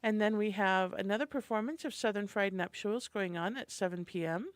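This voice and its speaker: In a radio studio, a morning show co-host reads community events off a calendar with cheerful, chatty enthusiasm. Her mid-range voice moves fairly quickly, and the studio microphone picks it up with no echo.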